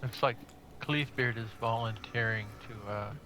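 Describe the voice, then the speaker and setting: A man co-hosting a gaming livestream who tells amused stories in a halting way. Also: medium pitch, steady tone, bright, forceful tone, poor audio. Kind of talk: casual chat while gaming. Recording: faint background noise.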